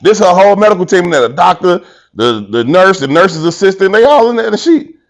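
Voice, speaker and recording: A tired man co-hosting a podcast tells a story in casual chat, his voice high-pitched and brisk. He's animated, acts out quotes, and laughs often.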